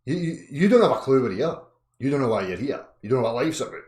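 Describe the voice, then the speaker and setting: A man's voice: mid-range voice, very animated, fast. Swearing man ranting, roomy echo. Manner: angry, profane, swings from muttering to shouting. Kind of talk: ranting live chat. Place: indoor room.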